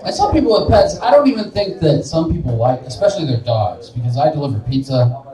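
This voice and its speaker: With a dark voice on the high side, fast and full of big pitch swings, a young man from Wichita, Kansas does self-deprecating, rambling stand-up in a small bar. He often laughs at his own jokes on the live stage, heard distantly in the echoey room.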